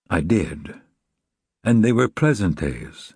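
A man narrating a novel in a measured, reflective reading. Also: on the low side, lively intonation, a little mellow, husky, no echo, clean studio sound. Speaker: audiobook narrator. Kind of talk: scripted narration.

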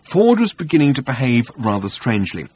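A man narrating an audiobook with wry, animated storytelling, recorded on a close studio mic. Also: mid-range voice, fairly quick, slightly rough, no echo.

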